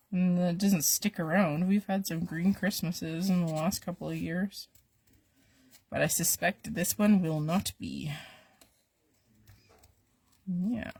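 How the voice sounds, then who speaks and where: A woman hosts a live craft demonstration while she is losing her voice. She talks to her viewers in a slow, relaxed way, with a slightly low, gravelly tone. She chats with them as she works. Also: no echo.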